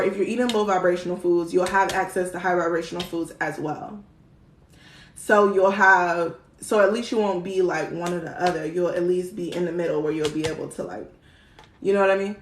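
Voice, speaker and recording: A woman's voice: medium pitch, a bit bright, slight background noise. A young woman, chatting casually on a live stream, slangy and swearing freely, laughing often. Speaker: spiritual livestream host. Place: indoor room, live stream. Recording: roomy echo.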